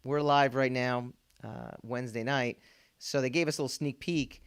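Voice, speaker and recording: Smooth-voiced rambling podcast host, a man. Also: medium pitch, fairly even intonation, normal speed. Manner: rambling, laughs often, many fillers and restarts. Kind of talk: casual pop culture chat.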